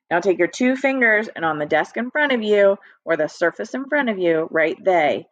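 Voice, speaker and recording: Slow, patient woman teaching young kids. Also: mid-range voice, expressive, dry recording. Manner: slow, patient, encouraging, speaks directly to students. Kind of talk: recorded early-reading lesson for young children. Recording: dry, slightly dull lo-fi audio.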